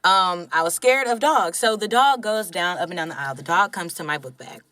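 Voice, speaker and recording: Animated woman telling a story. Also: on the low side, brisk, dry recording. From Georgia, US. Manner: animated, candid, swears casually. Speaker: podcast co-host. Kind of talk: casual storytelling chat.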